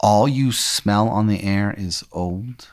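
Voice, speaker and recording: A man's voice: lowish voice, slow pace. A man hosting a podcast, telling an improvised, rambling scenario to his guest and swearing casually as he goes. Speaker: podcast host. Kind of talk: improvised storytelling.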